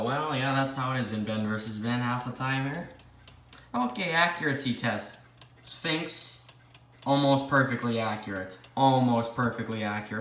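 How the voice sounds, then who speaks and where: A young Canadian clock collector hosts a casual vlog in an indoor room full of ticking clocks, speaking in a medium-pitched, pushed, bright voice. He rambles, talks to himself and jokes at his own expense. The recording has a roomy echo and faint background noise.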